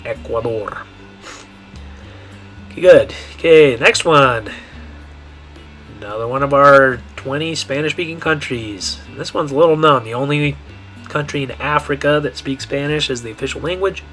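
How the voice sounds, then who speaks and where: A man giving a Spanish pronunciation lesson, repeating each word slowly and checking in with the learner. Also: fairly high pitch, a bit bright, faint music behind. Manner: slow, repetitive modeling of words with frequent checks. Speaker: Spanish teacher.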